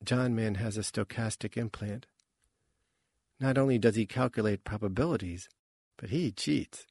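A man's voice: fairly low pitch, normal speed, darkish tone, no room sound. A man voicing a wry guarded young woman. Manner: murmuring, dry asides.

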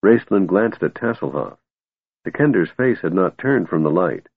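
Male audiobook narrator, husky, phone-thin sound. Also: sits low, big pitch swings, moderate pace, dry recording. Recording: tinny narrow-band recording.

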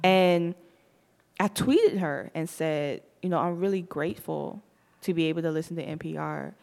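Young Southern woman, podcast host, slight lisp, animated slangy chat with frequent laughs. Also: sits low, normal speed, gravelly. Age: young adult.

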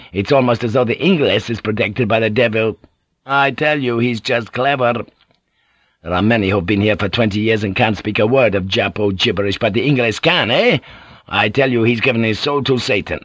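A man's voice: mid-range voice, a bit bright, no echo, highs cut off, close to an everyday voice. A man voicing a blustering, cursing sea commander. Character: furious, superstitious middle-aged male ship commander.

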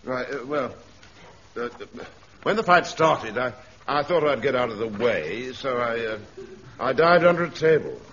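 An actor playing a mild, hesitant, polite sergeant in a radio comedy. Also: male voice, medium pitch, expressive, moderate pace, fairly bright tone, lightly acted. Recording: dull archive radio recording with audience laughter.

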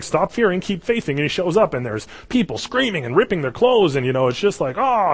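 A male pastor preaching a sermon, telling the story in a lively way and acting out the voices he quotes. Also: mid-range voice, slightly rough. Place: church sanctuary. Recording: long hall reverb.

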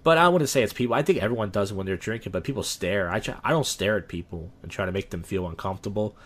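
A young man with a somewhat low voice, talking casually on a podcast. He rambles, restarts his sentences and acts out little bits of dialogue as he goes. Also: quick pace. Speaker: podcast guest. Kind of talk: casual chat.

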